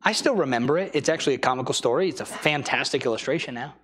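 A man's voice: medium pitch, lively intonation, very fast, fairly bright tone. A young man preaching a sermon in a church, telling a story with acted-out quotes.

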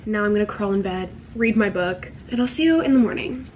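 A woman's voice: mid-range voice, fairly quick, highs cut off, background noise. A young woman talking casually to the camera in a vlog, chatty and candid, with lots of "like" fillers. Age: young adult. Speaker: vlogger.

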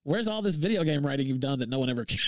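A man with a high, swooping voice rants on a livestream. He curses heavily and gets worked up, with dry, close sound and no room around him. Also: no echo. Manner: profane, heated, laughs between lines. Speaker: livestream host. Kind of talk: angry livestream rant.

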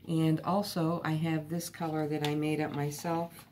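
A woman's voice: low-pitched, level tone, normal speed, darkish tone, slight background noise. A woman hosting her own art channel, casually talking through each step of a painting technique in a chatty, lightly self-deprecating way.

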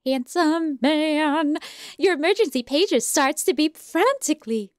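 Young woman, high voice, unhurried, playful game commentary, sings and hums between lines. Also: lively intonation, no room sound, studio quality. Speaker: gaming streamer. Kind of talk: casual let's-play commentary.

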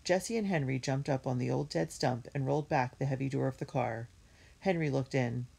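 With a very deep, husky voice that has a gravelly grain, a female reader narrates a children's chapter book. Her delivery is calm, steady, and gently storytelling.

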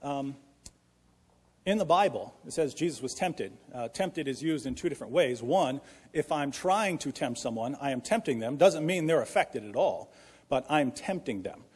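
A man arguing earnestly in a formal debate, pleading and restarting often, with a husky voice. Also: mid-range voice, expressive, normal speed, a little mellow. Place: debate hall. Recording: echoey hall with long reverb.

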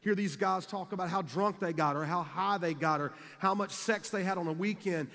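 High, bright-voiced man preaching. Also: normal speed. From South Carolina, US. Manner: energetic, jokey, builds to shouts. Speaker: youth conference speaker. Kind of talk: humorous storytelling sermon. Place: large conference hall. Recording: echoey large hall.

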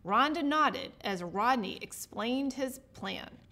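A woman who is a state representative, reading a children's picture book aloud with lively expression. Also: a little high, slow pace. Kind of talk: children's story read-aloud.

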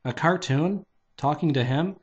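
A man's voice: a little high, unhurried, husky, lo-fi sound. A man voicing a bewildered grown man dropped into a cartoon world, who sounds amazed and protesting.

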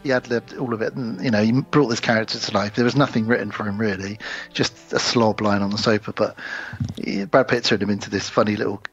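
Gravelly-voiced man recapping a film. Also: lowish voice, steady tone, a little fast, a bit bright, dull audio, soft background music. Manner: retells scenes with quoted character voices. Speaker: podcast co-host. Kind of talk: casual film recap chat.

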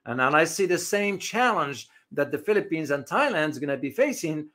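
A man's voice: fairly high pitch, big pitch swings, normal speed, few pauses, bright, forceful tone. A man hosting a live geopolitics stream, talking off the cuff with lots of fillers and answering viewers in the chat. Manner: reads out chat comments, rambling with many fillers. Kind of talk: unscripted live-stream commentary.

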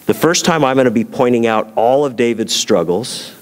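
A man's voice: mid-range voice, moderate pace, big-room sound. A man preaching as a pastor, talking in a conversational way and asking his congregation rhetorical questions. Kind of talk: sermon.

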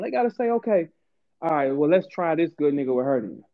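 Man, host, animated rant, fairly high voice, phone-quality audio. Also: a little fast. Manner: animated ranting, swings high and low. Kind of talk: casual chat. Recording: tinny phone-like line.

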